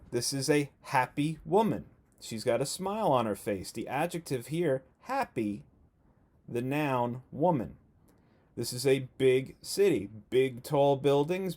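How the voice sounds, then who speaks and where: A man teaching a first grade remote video lesson, speaking slowly and patiently and stretching out words for young children. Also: medium pitch, a little mellow.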